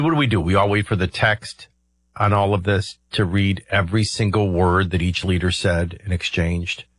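A middle-aged male talk radio host with a low, husky voice, recorded close and dry. He rambles through his points conversationally, leaning on ums and uhs as he explains. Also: no echo. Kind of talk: conversational political commentary.

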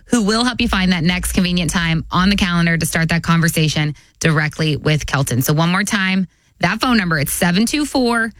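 A woman's voice: lowish voice, a little fast, a bit bright, no room sound. A woman in her thirties co-hosting a financial radio show, upbeat and bubbly.

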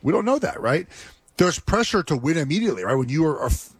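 Man, football analyst, husky voice, dry close sound, hesitant, filler words. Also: a little high, big pitch swings, fast, no room sound. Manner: hesitant, filler-heavy, asks rhetorical questions. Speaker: former NFL player analyst. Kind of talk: sports talk analysis.

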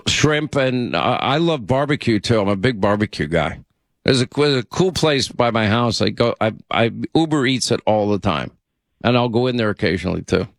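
Chatty male call-in radio host, mid pitch, dry close sound. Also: lively intonation, moderate pace, vocal fry, dry recording. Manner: chatty, rambling and friendly with callers. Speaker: radio talk show host. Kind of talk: casual call-in radio chat.

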